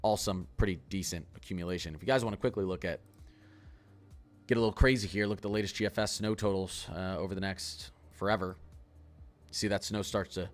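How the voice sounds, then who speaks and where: On a laid-back livestream, a low-pitched man walks through weather model maps, his forecast delivered quickly and with excitement.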